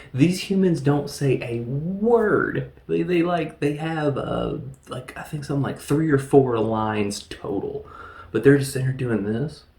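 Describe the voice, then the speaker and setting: A man's voice: mid-range voice, roomy sound. A man giving a casual, rambling movie recap, joking and laughing at what he describes. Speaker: film reviewer.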